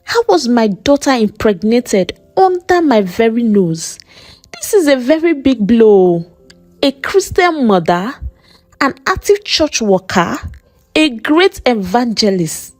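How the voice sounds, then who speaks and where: A woman's voice: on the high side, big pitch swings, slow, a little mellow, no echo, heavily acted. A woman with a Nigerian accent voicing a stern, churchgoing widowed mother who scolds in a mocking, sermon-like way. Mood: lamenting.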